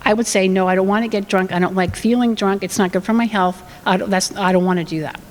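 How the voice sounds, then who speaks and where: A woman's voice: mid-range voice, fairly even intonation, fast talker, long reverb tail, poor audio. A woman giving a talk on family communication in a conversational way, acting out what parents and children say. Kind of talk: presentation with acted examples.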